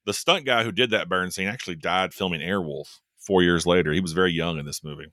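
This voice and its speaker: A man co-hosting a casual chat, talking in a joking, wry way with quick asides. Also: sits low, fairly bright tone, no echo, studio quality. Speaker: podcast co-host.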